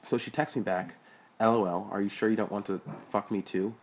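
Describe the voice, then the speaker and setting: A man voicing an excitable, boastful young man who talks in high, emphatic bursts, with a husky voice. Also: moderate pace, close to an everyday voice.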